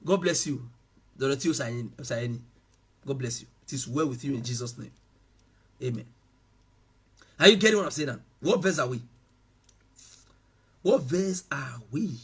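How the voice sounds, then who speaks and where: A man preaching a sermon, swinging between loud shouted passages and quiet asides. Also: mid-range voice, expressive, normal speed, long pauses, breathy edge. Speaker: pastor.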